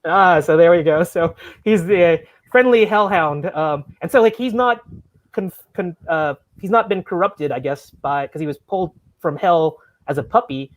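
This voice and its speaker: A man's voice: on the high side, normal speed, dry recording, muffled recording. A man hosting a casual podcast chat over a video call, asking eager, rambling questions and laughing often. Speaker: podcast host.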